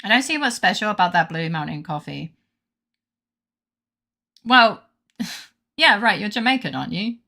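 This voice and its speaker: Gravelly, bright-toned woman streamer ranting. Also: medium pitch, very animated, measured pace, long pauses. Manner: rambling, swears freely, rants. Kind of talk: casual gaming stream chat.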